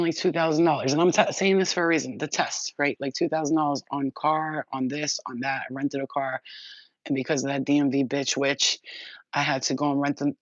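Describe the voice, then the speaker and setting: A woman's voice: sits low, no echo. Woman rambling emphatically over a dull recording. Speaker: spiritual reader. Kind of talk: casual spoken monologue. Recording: dull, slightly muffled sound.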